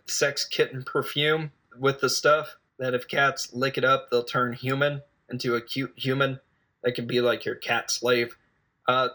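Retelling a film's story in a loose spoken recap, a male reviewer wanders, hesitates and cracks jokes as he goes. His voice has a medium pitch with a bright, forceful tone.

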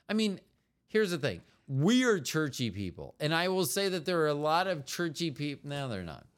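In a slightly high, sing-song voice at a moderate pace, a US man chats casually on the podcast he co-hosts with his partner. He tends to ramble and meander, often trailing off mid-thought.

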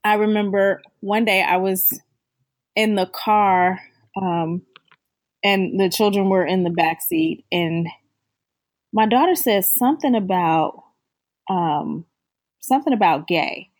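A woman co-hosting a conversation, telling a family story in a lively way and acting out the lines of the people in it. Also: medium pitch, no room sound. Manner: slow, animated storyteller who acts out quotes. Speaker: co-host, mother. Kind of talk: casual storytelling.

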